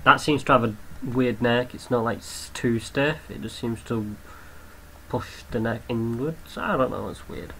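A man's voice: mid-range voice, unhurried, gravelly, a bit bright, a little hiss or hum, rough recording. A young man giving casual gameplay commentary, chatting to the creatures on screen and swearing offhandedly. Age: young adult.

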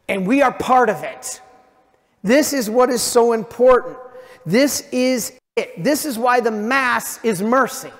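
Emphatic preaching priest, slow, echoing church. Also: male voice, very high-pitched, fairly bright tone. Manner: emphatic preaching, slows down for key lines. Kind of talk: sermon at a parish retreat. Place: large church. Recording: long reverb of a church hall.

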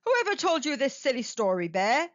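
Woman reader voicing a steady, kindly moose, unhurried explanations. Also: high-pitched, no room sound, muffled recording. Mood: calm. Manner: calm, measured explaining. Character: calm wise male moose, kindly and steady.

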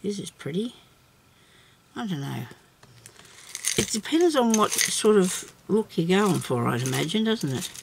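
A woman hosting a casual craft tutorial, chatting and thinking aloud as she works, with soft laughs to herself. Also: medium pitch, big pitch swings, a little slow, vocal fry, long pauses, noisy background. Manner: rambling, chatty, thinks aloud while working.

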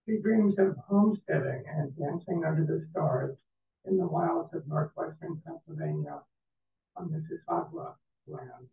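Gravelly man introducing speakers. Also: on the high side, a little hiss or hum. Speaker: event host. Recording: echoey hall, far mic, tinny.

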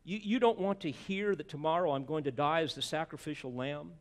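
A man delivering an expository sermon, his voice sitting a little high for a man. He preaches emphatically, dropping to a hush and then rising, often repeating words as he drives a point home. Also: fairly quick. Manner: emphatic preacher with rhetorical asides, swinging from hushed to loud. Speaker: pastor.

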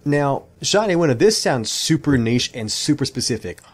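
A man's voice: fairly high pitch, sing-song, moderate pace, slightly rough. An Australian man in his thirties, chatting casually and rambling through video game lore as a gaming YouTuber, often saying "y'all". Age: 30s.

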